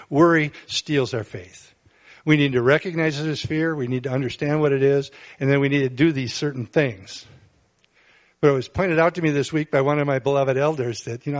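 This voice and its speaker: Earnest man preaching a sermon. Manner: earnest, rises in pitch and volume for emphasis. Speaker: pastor.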